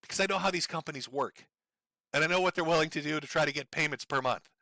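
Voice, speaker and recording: A man's voice: a little high, quick pace, pushed and bright, no room sound. Profane, mocking man ranting on a stream. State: in pain from broken ribs, on medication. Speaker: livestream commentator. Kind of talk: angry ranting commentary.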